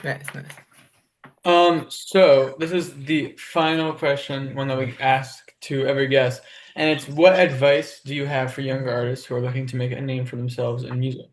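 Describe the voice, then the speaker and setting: A man from Brooklyn with a New York accent, asking questions as interviewer in a brief, low-key way. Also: flat delivery, moderate pace, a little hiss or hum.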